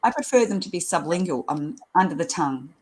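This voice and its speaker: This woman in her sixties, a nurse educator, speaks fast with a fairly low pitch and lively intonation, with crowd noise audible behind her. As a guest in a casual interview, she tells stories bluntly and earthily, laughing frequently.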